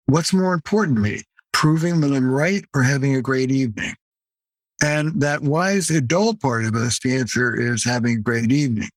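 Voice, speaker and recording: A man's voice: mid-range voice, no room sound. Emphatic older man, dry sound. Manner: emphatic, punchy, playful asides. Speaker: therapist and author guest. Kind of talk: podcast interview.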